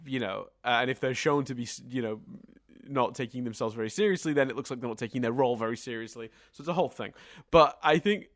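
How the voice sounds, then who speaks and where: A man in a casual podcast discussion, chatty and rambling as he talks in long winding sentences. His voice sits at a middling pitch. The sound is close and dry, with no room around it. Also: fast talker, fairly bright tone, no echo. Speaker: podcast co-host.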